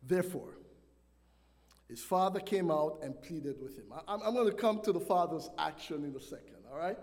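A man's voice: on the high side, normal speed, a little mellow. A man preaching a sermon as pastor, asking the congregation questions and calling for responses. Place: church sanctuary. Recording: long church hall reverb.

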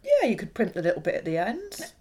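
A woman co-hosting a podcast in casual chat. She talks playfully and with lots of jokes. Her pitch rises and falls a great deal, and she speaks into a studio microphone. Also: huge pitch swings, quick pace, darkish tone, breathy edge. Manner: playful, bouncy, jokey. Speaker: podcast co-host.

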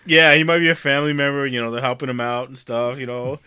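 A man's voice: medium pitch, steady tone, fast talker, pushed and bright, smooth, no echo, studio quality. A man in casual chat, telling a long, profane, rambling story and laughing often.

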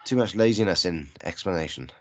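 A man's voice: sits low, animated, brisk. A man making dry, wry comments in a casual chat about a film. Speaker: film podcast co-host.

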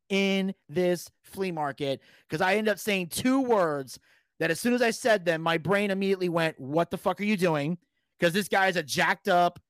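A man casually telling a story, animated, swearing freely and shouting out the lines he quotes. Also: sits high, no echo. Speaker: podcast guest telling a story.

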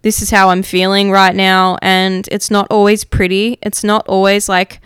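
Candid, clear-voiced woman podcaster. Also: medium pitch, monotone, normal speed, a bit bright, dry recording, studio quality. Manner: open, emotional, swears casually; reflective, many fillers like "like". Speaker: podcast host. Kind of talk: candid personal monologue.

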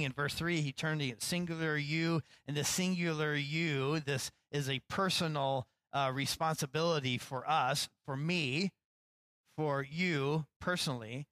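A man, a pastor, preaching a sermon in a relaxed, conversational way, acting out lines with rising animation and poking fun at himself. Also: on the high side, no echo, poor audio. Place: church.

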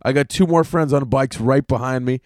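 A man's voice: mid-range voice, moderate pace, darkish tone, no room sound. Guy ranting on his solo podcast, cusses a lot, rambly and fed up, dry close sound. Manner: profane, rambling and exasperated. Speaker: podcast host. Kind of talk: casual solo podcast rant.

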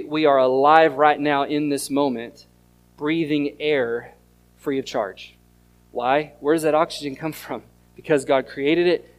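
A pastor, preaching an earnest sermon that mixes scripture reading and storytelling. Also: male voice, mid-range voice. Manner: earnest teaching tone, reads scripture aloud and tells stories.

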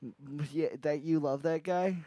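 A man's voice: on the high side, fairly even intonation, moderate pace, dark tone, no echo. A man co-hosting a podcast, chatting casually with crude jokes and rambling restarts. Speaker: podcast co-host. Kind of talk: casual chat. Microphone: studio podcast mic.

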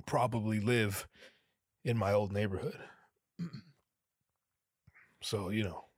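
A man hosting a podcast, with a hoarse, strained throat, telling rambling, sarcastic stories full of swearing. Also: lowish voice, dry recording, clean studio sound. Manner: profane, rambling, sarcastic storytelling. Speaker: podcast host. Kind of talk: casual comedic monologue.

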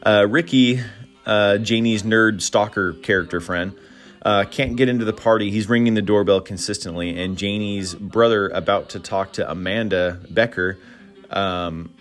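Casual podcast host, man, lowish voice, chuckles and says "uh" a lot while recapping films, faint music behind. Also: moderate pace. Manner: chuckling, rambling with frequent "uh" fillers. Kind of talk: casual solo podcast commentary.

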